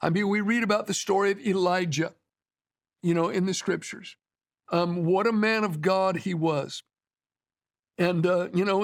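A man preaching a sermon in a conversational, storytelling way, with asides to his listeners. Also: high-pitched.

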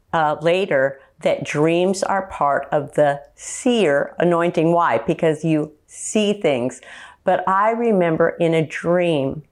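A woman preaching a slow, earnest teaching sermon and quoting scripture. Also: low-pitched.

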